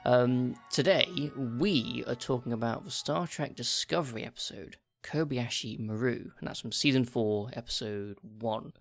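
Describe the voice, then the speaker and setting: Gravelly man hosting a podcast. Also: mid-range voice, unhurried, hardly any pauses, soft background music. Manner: chatty, filler-heavy, repeats words. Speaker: podcast host. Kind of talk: casual chat.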